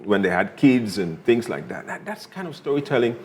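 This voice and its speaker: A man's voice: medium pitch, sing-song, fairly quick, a little hiss or hum. A middle-aged man from Nigeria, a talk show guest, speaking hesitantly and repeating words while he thinks.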